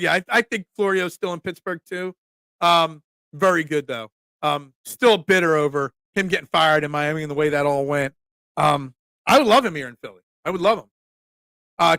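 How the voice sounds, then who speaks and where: A man's voice: high voice, pushed and bright, no echo, clean studio sound. A middle-aged man hosting a casual sports talk stream, joking and chatting through viewer comments. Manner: chatty, joking asides, fillers and restarts. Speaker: sports talk show host. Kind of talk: casual live-stream chat reading comments.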